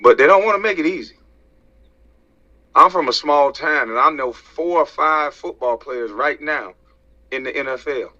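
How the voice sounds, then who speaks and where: A man's voice: fairly high pitch, moderate pace, pushed and bright. Man in a tense, profane rant. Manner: profane, preachy, fires rhetorical questions. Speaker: social media commentator. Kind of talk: heated rant to camera. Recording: dull lo-fi sound.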